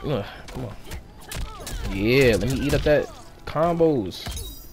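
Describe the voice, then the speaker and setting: A man giving excited play-by-play commentary as he plays a fighting game, groaning and exclaiming at every hit. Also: mid-range voice, slow pace. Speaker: gaming channel host. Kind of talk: live gameplay commentary.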